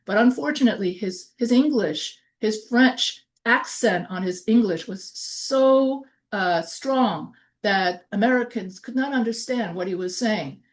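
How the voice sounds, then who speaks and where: A woman's voice: medium pitch, measured pace, hardly any pauses. A woman with a New York accent, a college instructor giving a recorded online lecture and explaining in short phrases, partly reading from notes.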